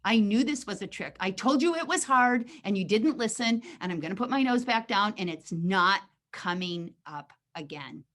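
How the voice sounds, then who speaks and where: A woman's voice: medium pitch, lively intonation, normal speed, few pauses, fairly bright tone, lightly acted. A woman voicing a reluctant pet dog that suspects every reward is a trick, in a doubtful, grudging tone during a training talk. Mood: sulky.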